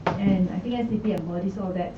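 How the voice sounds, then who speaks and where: A Singaporean woman speaks earnestly as a new candidate, stumbling through ums and restarts. Her voice comes from far off in an echoey office, muffled and set against clear background noise. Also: medium pitch, quick pace. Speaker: election candidate. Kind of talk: brief press conference statement. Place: party office. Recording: echoey, muffled, from a distant mic.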